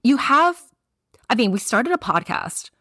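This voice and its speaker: Woman, 30s, podcast co-host. Very animated melody, playful and giggly, casual chat. Dry, close mic. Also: on the high side, unhurried, no room sound. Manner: animated and playful, laughs mid-sentence.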